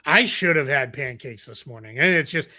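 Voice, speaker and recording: A man's voice: mid-range voice, lively intonation, normal speed. A man co-hosting a live basketball draft show, rambling casually and reading out viewer messages. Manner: rambling, reads viewer messages, trails off quietly. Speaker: podcast co-host.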